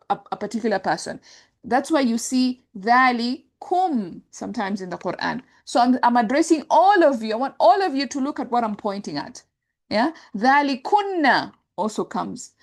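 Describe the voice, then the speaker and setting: A woman with a fairly high voice teaches a grammar class. She walks through each term patiently and keeps checking that her students follow. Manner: explains step by step, checks understanding with "right?". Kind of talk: classroom lecture.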